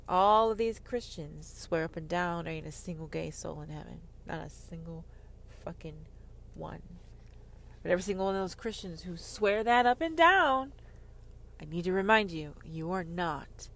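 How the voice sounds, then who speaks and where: Woman ranting about religion, sarcastic, swears a ton, gets loud then whispers. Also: lowish voice, expressive, moderate pace, vocal fry, a little hiss or hum. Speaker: online Christian commentator. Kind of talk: heated monologue.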